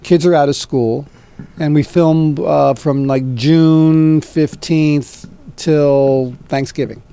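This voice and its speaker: A man's voice: fairly high pitch, slow, smooth. A middle-aged man, an actor, telling a long anecdote in a casual interview and acting out the people he quotes. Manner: animated anecdote teller, acts out quoted voices. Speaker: actor guest.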